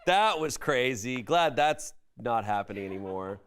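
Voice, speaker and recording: A man's voice: medium pitch, expressive, unhurried, a bit bright. A man hosting a casual comedic podcast, reading online stories aloud and adding wry, amused remarks. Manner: wry, amused commentary between read passages.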